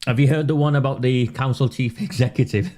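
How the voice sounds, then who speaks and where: A man's voice: medium pitch, steady tone, a little fast, a little mellow. A man doing casual live commentary on local politics for his viewers. He talks in a sarcastic, mocking way and often breaks into laughter.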